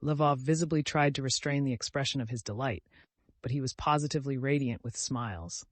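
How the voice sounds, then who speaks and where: Measured male audiobook narrator, dry sound. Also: medium pitch, no room sound. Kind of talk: scripted narration.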